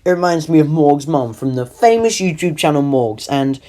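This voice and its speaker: A man's voice: a little high, moderate pace, mellow. A young man narrating a comic animation in a rambling, self-deprecating way. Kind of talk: comedic voice-over narration.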